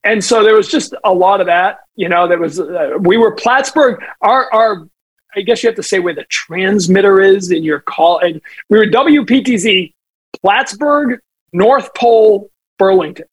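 A middle-aged man, a sports broadcaster guest telling lively stories in casual podcast chat, slipping into voices for his anecdotes. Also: sits high, moderate pace, slightly rough, dry recording, low-quality recording. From New England.

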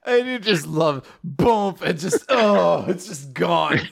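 A man with a somewhat high voice chimes in on a casual podcast with dry jokes and quick comebacks. He speaks as a relaxed co-host riffing alongside the main speaker. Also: vocal fry. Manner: joking asides and wry comebacks. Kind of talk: casual chat.

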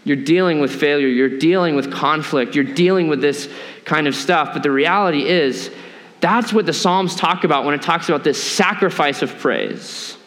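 A male pastor with a high, lifted voice delivers a conversational sermon, slipping into quick acted asides to make his point. His words ring out with a long reverb from the church hall around him. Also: a bit bright.

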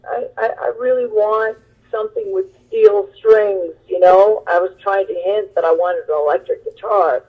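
A woman guitarist being interviewed, telling stories in a chatty, animated way with lots of fillers. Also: medium pitch, normal speed. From Long Beach, California. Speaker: guest musician, guitarist. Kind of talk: interview storytelling. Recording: tinny phone line.

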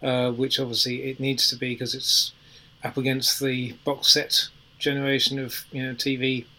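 A man in a casual podcast discussion, sharing views in a measured way with plenty of ums. His tone is bright and forward. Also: medium pitch, level tone, rough recording. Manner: thoughtful, qualifying opinions with fillers. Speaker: podcast panelist.

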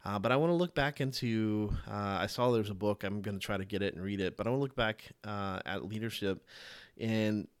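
A man talks through his ideas on a solo podcast, his voice sitting slightly low. The sound is dry and close, with no room around it. He hesitates often, circling back with fillers and restarts before landing each point. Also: clean tone, no room sound. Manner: halting, many fillers and restarts; acts out quoted voices with sudden high pitch jumps. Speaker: podcast host. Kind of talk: solo podcast monologue on leadership.

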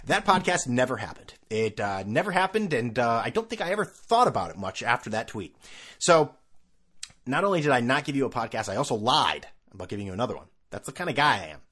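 A man's voice: mid-range voice, big pitch swings, fast talker, fairly bright tone, husky. A middle-aged man hosting his own podcast, rambling casually with sarcastic, self-mocking asides. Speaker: podcast host. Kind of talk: casual solo podcast rant.

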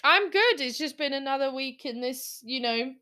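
Bright chatty English woman. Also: sits high, expressive, normal speed. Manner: chatty, laughing, eager to tell anecdotes. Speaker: podcast co-host. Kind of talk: casual chat.

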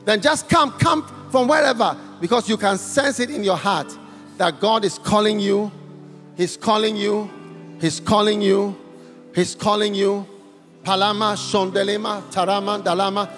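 A man's voice: high voice, measured pace, a bit bright, long reverb tail, soft background music. A man preaching an impassioned altar-call sermon, exhorting the crowd with repeated phrases and breaking into tongues. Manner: repetitive, exhorting, speaks in tongues. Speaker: guest preacher. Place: large church hall.

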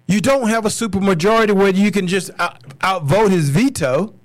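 A fired-up American man with a fairly high voice rants on his podcast, blunt and cursing, hammering the same words over and over. The sound is dry and close, with no room around it. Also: moderate pace, no echo. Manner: angry, blunt, swearing, repeats himself. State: furious. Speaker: podcast host. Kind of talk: solo political podcast rant.

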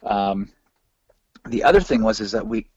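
A man telling road stories as a podcast guest, animated, laughing and swearing freely. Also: lowish voice, normal speed. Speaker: podcast guest, former band hypeman. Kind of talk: casual storytelling interview. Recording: dull lo-fi dry recording.

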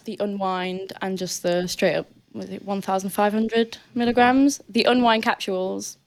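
A young woman with a northern English accent talks easily as a podcast guest. Her pitch sits in a middle range. She chats along with plenty of "like"s and false starts, the relaxed rhythm of a conversation rather than a prepared answer. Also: normal speed. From Britain. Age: young adult. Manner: chatty, lots of fillers and restarts. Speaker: guest athlete. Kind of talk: casual podcast interview.

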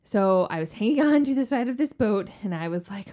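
A woman in her forties co-hosting a podcast, telling a story in a casual, animated way and acting out the quotes. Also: quick pace, few pauses. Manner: animated, acts out quotes with big pitch jumps. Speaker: podcast co-host.

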